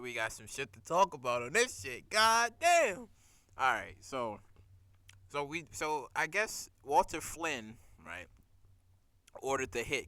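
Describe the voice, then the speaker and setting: Male recap vlogger, excitable and profane, bright, lively, higher-pitched voice. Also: dry recording. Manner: animated, laughing, swearing, acts out scenes. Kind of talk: casual profane recap chat.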